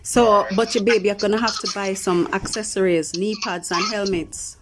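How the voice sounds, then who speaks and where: A Jamaican woman chatting with her partner in a brisk, practical way as they plan something. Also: mid-range voice, steady tone, heavy background noise. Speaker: mother. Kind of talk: casual chat with her partner.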